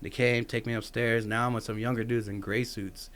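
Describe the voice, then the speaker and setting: A man's voice: mid-range voice, flat delivery, brisk, fairly bright tone. Man telling a profane story, full of quotes. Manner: loose, profane anecdotes with lots of "like" and acted-out quotes. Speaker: podcast guest, Marine Corps veteran. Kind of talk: casual storytelling.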